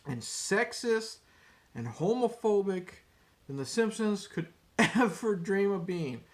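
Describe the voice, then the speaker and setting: A man ranting casually to camera as a vlogger, rambling, cursing and repeating his words. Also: fairly high pitch. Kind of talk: casual opinion rant to camera.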